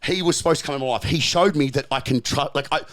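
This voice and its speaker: Fast-talking Australian man, profane and emphatic. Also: fairly high pitch, a bit bright. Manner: repetitive restarts and rapid bursts. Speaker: podcast guest. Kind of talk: casual podcast chat.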